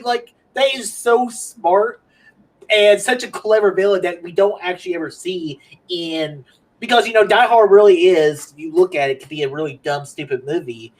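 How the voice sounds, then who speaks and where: A young man co-hosting a podcast, chatting casually about movies in an animated way, laughing often and acting out quotes. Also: high-pitched, poor audio. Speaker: podcast co-host.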